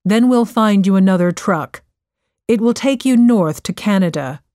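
A woman's voice: mid-range voice, expressive, moderate pace, mellow, no echo, close to an everyday voice. A woman reading a story, voicing a curt, commanding male soldier in a voice close to her own. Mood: stern. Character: brisk male soldier on duty.

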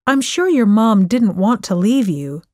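A woman voicing a self-reliant nineteen-year-old young man who talks in a steady, reassuring way in a slow audiobook reading. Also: mid-range voice, no room sound, clean studio sound. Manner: reassuring, matter-of-fact.

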